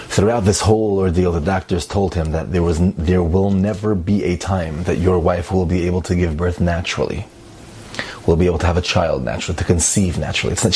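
A man telling a story in a casual, animated way, repeating phrases and sprinkling in Hebrew and Yiddish words. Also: low-pitched, a little hiss or hum.

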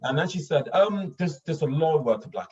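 A man's voice: fairly high pitch, expressive, brisk, darkish tone, breathy edge. A young adult man from northern England with a well-spoken English accent, telling stories in an interview with many fillers and restarts. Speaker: voice actor. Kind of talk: casual interview storytelling. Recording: dull distant mic.

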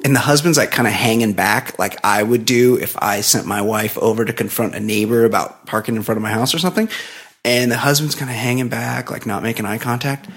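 A man's voice: mid-range voice, gravelly, a bit bright. A middle-aged man co-hosting a podcast, telling a long casual story full of "like" and frequent laughs. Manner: rambling anecdote full of "like", laughs often. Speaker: podcast co-host.

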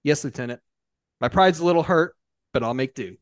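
A man voicing a grim, angry male knight pilot who talks in a gruff growl. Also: fairly high pitch, brisk, no room sound, clean studio sound, lightly acted. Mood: wry.

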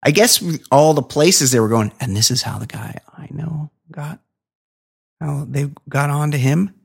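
A man's voice: fairly high pitch, measured pace, vocal fry, husky. A man co-hosting a podcast, reading news stories aloud and riffing on them in a profane, joking way. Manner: profane, jokey, reads stories then riffs on them. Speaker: podcast co-host.

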